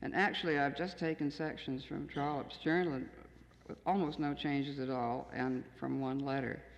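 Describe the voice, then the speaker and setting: A woman in her sixties, a poet, gives a plain, measured reading of her own poems to an audience in a lecture hall. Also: extremely low pitch, fairly even intonation. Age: 60s. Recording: dull 1970s tape in an echoey hall.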